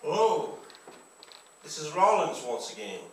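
A man's voice: on the high side, very animated, a little slow. A man performing a rambling, profane stand-up set on a comedy club stage, full of absurd observations. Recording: echoey live room, mic from a distance, faint hiss.

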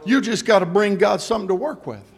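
A middle-aged man preaching a sermon in a church, mixing jokey conversational asides with shouted, rising calls to the congregation. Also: sits high, quick pace, creaky. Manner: preaching with call-and-response, building to shouts. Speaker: pastor. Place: church sanctuary.

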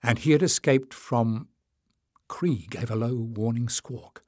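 A man narrating an audiobook in a measured storytelling manner. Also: mid-range voice, dark tone, dry recording, clean studio sound. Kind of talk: scripted narration.

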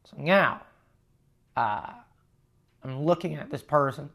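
A man hosts his own podcast, spinning a story from the road in a casual, swearing style. He quotes the people he talked to as he goes, shifting between plain narration and animated bits of dialogue. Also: on the high side, slow, creaky, pauses often. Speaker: touring comedian and podcast host.

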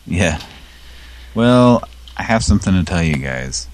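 A man with a very deep voice co-hosts a casual comedy show. He talks slowly, rambles and giggles, and his pitch moves around a lot. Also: very animated, a little hiss or hum. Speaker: podcast co-host.

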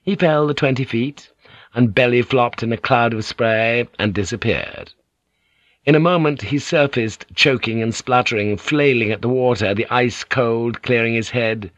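Male narrator, mid-pitched, dry close sound, dramatic audiobook read. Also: a little slow, a bit bright, dry recording, highs cut off. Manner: dramatic reading with distinct character voices. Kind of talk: scripted narration.

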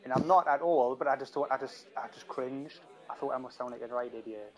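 A man's voice: mid-range voice, a little fast, rough recording. A British man in casual podcast chat with a mid-range voice. He asks the others questions and slips into short personal stories. He talks loosely and conversationally. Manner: chatty, asks questions, storytelling. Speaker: podcast co-host.

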